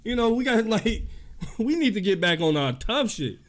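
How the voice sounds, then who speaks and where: Opinionated Chicago man, slightly high voice. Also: sing-song, normal speed, a little hiss or hum. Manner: opinionated, rambling, full of "you know" fillers. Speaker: podcast co-host. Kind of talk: casual chat.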